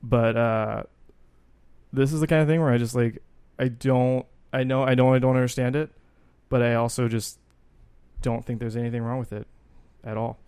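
A man's voice: medium pitch, steady tone, normal speed, long pauses, darkish tone, smooth, dry recording. A man co-hosting a casual film podcast, talking earnestly with many hesitations. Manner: earnest, hesitant, lots of fillers. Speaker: podcast co-host.

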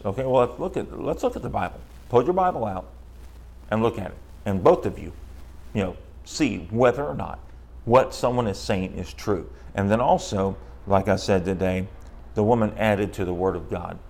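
Man, preacher, conversational sermon, fairly low voice, acts out quoted voices. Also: normal speed, a little mellow.

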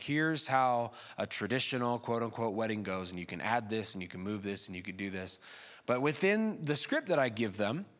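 Man preaching a conversational sermon. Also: mid-range voice. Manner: conversational and self-deprecating, with lively animated asides. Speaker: pastor.

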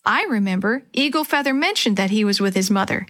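A woman's voice: mid-range voice, lively intonation, a little fast, a bit bright, lightly acted. A woman voicing a determined young girl detective in a children's story, earnest and eager.

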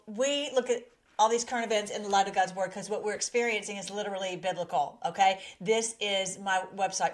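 A woman hosting a casual live stream from her laptop, emotional and giggly as she greets her chat. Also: mid-range voice. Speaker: livestream host. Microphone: laptop mic.

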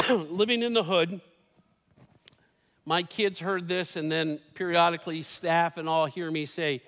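A man's voice: on the high side, fairly even intonation, a little slow, fairly bright tone, big-room sound. A man in his fifties, a pastor giving a sermon in a church, telling stories with folksy, humorous asides. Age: 50s. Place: church sanctuary.

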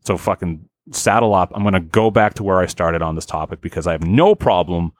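A man hosting a casual podcast, ranting in an exasperated, profane, animated way. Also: deep voice, a little fast, no echo. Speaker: podcast host.

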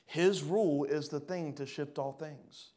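A pastor preaching a sermon, swinging between loud rising bursts and quiet low drops. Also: male voice, steady tone, measured pace. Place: church hall.

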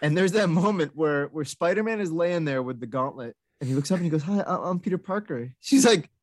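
A man's voice: on the high side, animated, fairly quick, dry recording. Man, podcast co-host, emphatic, blunt, dry close sound. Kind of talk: casual chat about movies.

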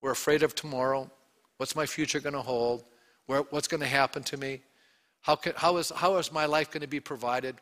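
Bright-voiced man preaching. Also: medium pitch, fairly quick. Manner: animated storytelling, acting out quotes; addresses congregation with questions. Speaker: pastor. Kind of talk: Easter sermon.

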